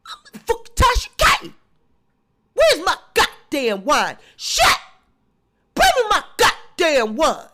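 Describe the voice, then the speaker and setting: Woman putting on a high shouty cursing blogger lady, panicking and mad. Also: huge pitch swings, slow, long pauses, exaggerated voice. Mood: ranting. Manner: yelling, profane rants.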